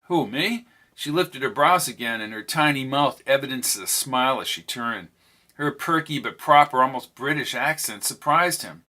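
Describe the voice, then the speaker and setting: A man giving a steady, descriptive audiobook narration. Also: medium pitch, moderate pace. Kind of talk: scripted narration.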